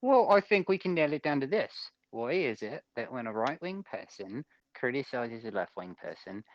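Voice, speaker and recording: A man in a casual group voice chat, arguing and teasing in an animated way. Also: mid-range voice, normal speed, muffled recording. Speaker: debate participant.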